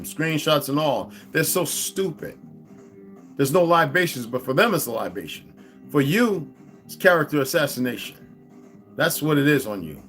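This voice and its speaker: A man with a fairly high, forceful, tense voice rants straight at his viewers, swearing freely and picking fights. He swings from loud outbursts down to low mutters. Soft guitar music plays faintly underneath. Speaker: online commentator. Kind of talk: profane ranting monologue.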